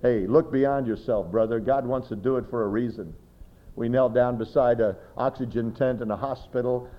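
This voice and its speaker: A male pastor preaches a sermon, telling personal stories emphatically and addressing his listeners directly. His voice sits in the mid range at a normal speed, and the sound is lo-fi.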